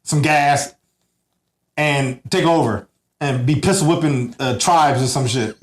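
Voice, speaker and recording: A man's voice: mid-range voice, measured pace, roomy sound. A man co-hosting a podcast, loose and joking, full of slang and acted-out voices. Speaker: podcast co-host. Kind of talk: casual comedic podcast banter.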